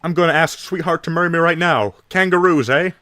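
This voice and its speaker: A man voicing an excitable, cocky adult male schemer in a put-on Australian accent, loud and high. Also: fairly quick, no room sound. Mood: gleeful.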